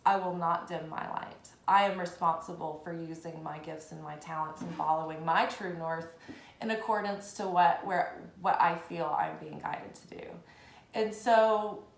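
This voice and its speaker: A woman tarot reader talking in a casual, animated way on her spiritual vlog, swearing freely as she goes. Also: mid-range voice. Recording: echoey room.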